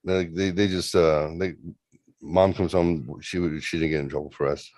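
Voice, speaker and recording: A man's voice: sits low, fairly even intonation, normal speed, darkish tone, no room sound. A man telling a rambling spooky story in a casual way, slipping into raised voices for the people in it. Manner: rambling, acts out voices in quotes. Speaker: host retelling a story.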